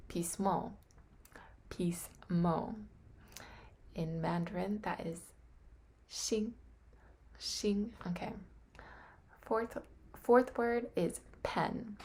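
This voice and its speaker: Slow, gravelly-voiced woman practicing words. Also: lowish voice, a little mellow, slight background noise. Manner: slow, careful, often dropping to a whisper. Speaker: language learner. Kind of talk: casual self-study on webcam. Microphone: webcam.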